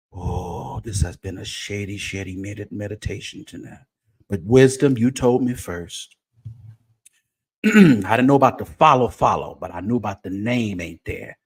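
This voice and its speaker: A man hosting a late-night livestream of gossip commentary, chatty and teasing, talking straight to his viewers with drawn-out exclamations. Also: on the low side, breathy edge. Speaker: show host.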